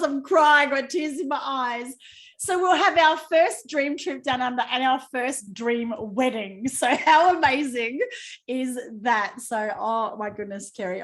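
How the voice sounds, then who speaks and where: A woman hosting a team video call, talking in a bubbly, effusive way and laughing often. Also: mid-range voice. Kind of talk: casual video call presentation.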